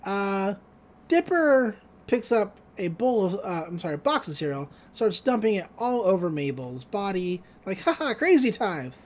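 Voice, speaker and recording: A woman co-hosting a podcast, retelling a cartoon episode in a chatty, wry way. She laughs often, and her pitch moves around a lot as she tells it. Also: very animated, normal speed, a little mellow. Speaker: podcast co-host. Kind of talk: casual episode recap.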